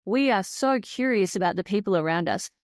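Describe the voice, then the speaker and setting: A woman's voice: mid-range voice, lively intonation, a little fast, no echo, clean studio sound. A woman hosting a podcast as an anxiety coach, affirming her guest and thinking aloud as she speaks. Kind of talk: reflective interview chat.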